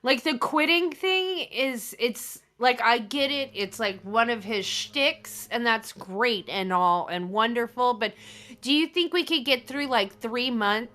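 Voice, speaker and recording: A woman's voice: on the high side, bright, forceful tone. A woman co-host in casual panel chat, talking animatedly and building into emphatic pleas. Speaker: podcast co-host.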